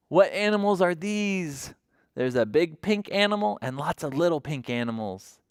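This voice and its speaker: A woman librarian reads aloud to toddlers in a sing-song, coaxing way, asking little questions as she goes. Her pitch rises and falls in big, lively swings. The recording is close and dry. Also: a little slow, smooth, no room sound. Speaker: children's librarian. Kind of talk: toddler story time read-aloud.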